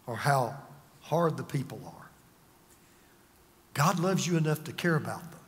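An older man preaching a sermon as a pastor, dramatic, swinging from loud to hushed. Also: mid-range voice, in a large hall.

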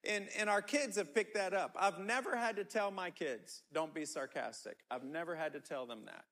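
A man's voice: high voice, animated, moderate pace, fairly bright tone. A middle-aged man preaching a sermon, emphatic and repetitive, often restarting his words. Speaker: pastor.

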